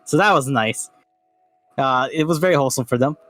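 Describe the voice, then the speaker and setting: A man with a mid-pitched voice talks casually over a voice call. He is hesitant and thinks aloud, restarting his sentences often. Faint music plays behind him. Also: fairly quick, fairly bright tone. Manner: hesitant, many fillers and restarts. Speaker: panel guest. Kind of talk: casual reaction chat.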